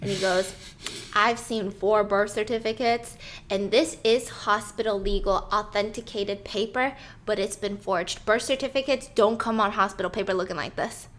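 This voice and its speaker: A woman casually telling a true-crime story to a co-host, acting out the people in it with lively voices. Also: medium pitch, normal speed. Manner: animated, acts out quoted people.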